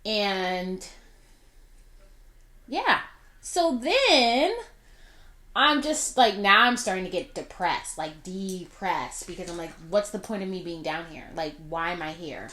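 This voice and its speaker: A female vlogger in her twenties tells a personal story while doing her makeup, chatty and full of fillers and drawn-out asides. Her mid-range voice has lively intonation and a sharp tone, and the room sounds echoey.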